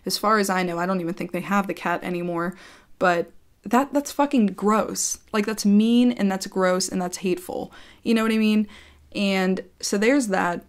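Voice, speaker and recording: A woman sits talking to her camera, rambling through a story about a neighbour. She gets heated and swears freely. Her voice sits at an ordinary middle pitch. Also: steady tone, moderate pace. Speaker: YouTuber telling a story. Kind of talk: casual storytime rant.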